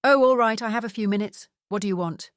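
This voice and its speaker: A woman voicing a gruff, impatient lord in his sixties, who is hard of hearing, in an audiobook. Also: fairly high pitch, quick pace, no echo, clean studio sound, pitched above the performer's own voice, lightly acted. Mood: irritated. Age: 60s.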